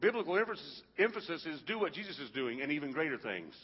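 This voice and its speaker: A man preaching a sermon to a congregation, in a rhythmic, repetitive style that builds to loud peaks. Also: fairly high pitch, sing-song, fast talker, slightly rough, long reverb tail, lo-fi sound. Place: large hall with a congregation.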